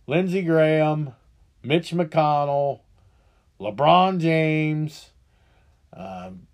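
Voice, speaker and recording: A man's voice: on the high side, a little mellow. A middle-aged man hosting a podcast, ranting angrily with heavy profanity, frequent restarts and a frustrated, rambling delivery. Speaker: podcast host. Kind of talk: angry political rant.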